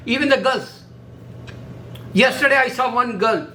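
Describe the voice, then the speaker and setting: A man speaking halting, repetitive in a casual monologue, full of fillers. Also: very high voice, bright, forceful tone, a little hiss or hum, low-quality recording. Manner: halting, repetitive non-native English with many fillers. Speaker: religious video maker.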